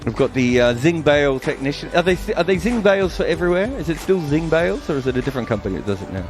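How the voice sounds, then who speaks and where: A man's voice: a little high, lively intonation, fast, music in the background. A man giving expert co-commentary on cricket, joking and playfully opinionated. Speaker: radio cricket pundit.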